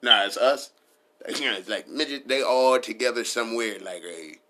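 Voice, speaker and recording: A man's voice: mid-range voice, animated, normal speed, sharp tone. A man riffing in a casual comedic style, rambling and profane, laughing at his own jokes.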